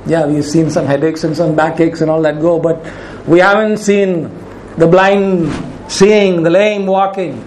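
A man preaching a sermon as pastor, emphatic, slowing and rising in pitch when he quotes commands. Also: steady tone, a little mellow, reverberant, a little hiss or hum, rough recording.

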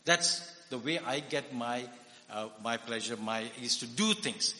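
In an echoey hall, a preacher-psychiatrist from India speaks in a mid-range voice at a measured pace, bright and forceful. His sermon is conversational, and he often poses questions to the audience.

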